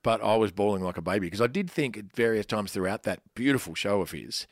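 Co-host, man, lower voice, rambling and emotive, dry studio mic. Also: quick pace, no echo. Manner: expressive, rambling, self-mocking. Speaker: podcast co-host. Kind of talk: casual chat.

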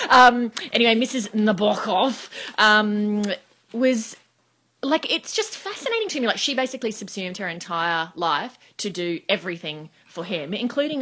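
A woman co-hosting a podcast in casual chat, animated and quick to laugh, jumping into high exclaiming asides. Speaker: podcast co-host.

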